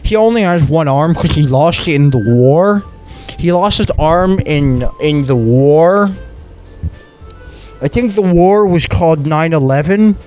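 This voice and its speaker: A young man with a somewhat high voice reads a visual novel aloud in character, his speech slurred and wet-mouthed. He drags along slowly, stumbling and restarting in an awkward deadpan. Faint game music plays underneath. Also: rough recording. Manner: halting, stumbling over words, awkward deadpan. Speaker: comedic let's-play persona.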